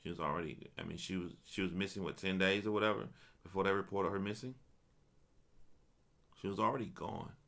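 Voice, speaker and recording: Guy on a stream reading news out loud, really deep voice, keeps stopping to go "what are the odds", repeats himself a lot. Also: fairly quick, vocal fry, pauses often. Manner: reads aloud, then stops to react with stunned remarks; repeats himself and restarts phrases. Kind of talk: casual reaction commentary.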